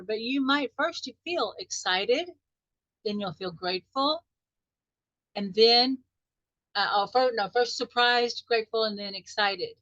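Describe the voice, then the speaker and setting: A wealth mindset coach hosts her weekly group in a live online session, speaking warmly and encouragingly straight to her listeners and drawing out musing questions. Her voice is fairly high-pitched, with no room sound, and comes through dull video call audio.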